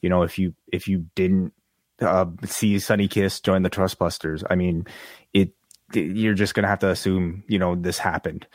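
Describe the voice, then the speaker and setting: Podcast co-host, man, lowish voice, hesitant and stammering, dry close sound. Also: flat delivery, normal speed, dry recording. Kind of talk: casual live chat.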